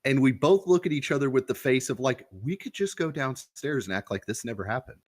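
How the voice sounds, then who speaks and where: A man's voice: mid-range voice, lively intonation, fairly quick. A young man co-hosting a podcast, telling a story in a loose, profane, casual way and acting out the quoted lines. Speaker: podcast co-host.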